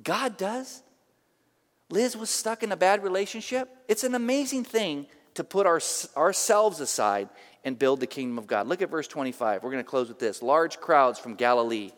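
A middle-aged male pastor delivers a sermon, weaving in animated personal stories. His voice sits notably high for a man. The sound carries the long reverb of a church sanctuary. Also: normal speed. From San Francisco area, USA. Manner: animated, emphatic storyteller.

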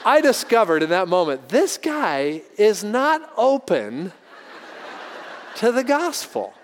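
Pastor, male, high voice, lively storytelling sermon, reverberant church hall. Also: takes it slowly, a little hiss or hum. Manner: animated, acts out voices in his anecdotes.

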